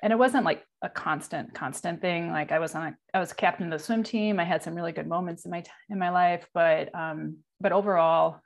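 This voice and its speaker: Gravelly-voiced woman in her 40s, candid and halting, slightly low voice. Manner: candid, halting, many fillers. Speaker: guest. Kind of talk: personal interview.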